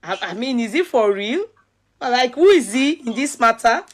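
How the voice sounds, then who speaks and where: A Nigerian woman with a Yoruba accent talks casually in a slightly high voice. She asks questions and slips between English and Yoruba. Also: animated, moderate pace. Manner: mixes English with Yoruba, questioning, laughs often. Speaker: commentator. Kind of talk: casual chat.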